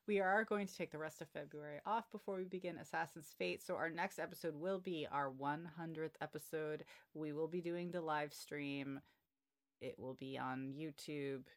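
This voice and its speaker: A woman hosts a casual book-club chat in a lowish voice. She is upbeat and teasing and laughs often with her friends. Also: creaky. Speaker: podcast host.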